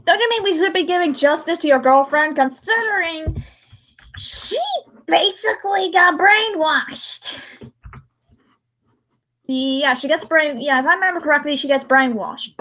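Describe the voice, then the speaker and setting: A young woman with a high, bright, pushed voice speaks at a measured pace with long pauses. She's a livestreamer editing a dramatic reading, chatting casually to her stream, talking to herself and giggling often.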